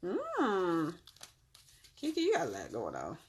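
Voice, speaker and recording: A woman giving a casual tarot reading to her viewers, animated and slangy, cursing freely and laughing often. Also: on the low side, unhurried, a little hiss or hum. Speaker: tarot reader.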